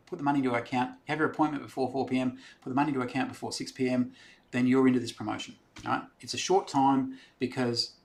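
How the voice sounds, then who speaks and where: A man's voice: medium pitch, gravelly. An Australian man hosting a live stream, casually chatting and answering viewer questions in a rambling, friendly way. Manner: chatty, rambling, reads out comments and answers them.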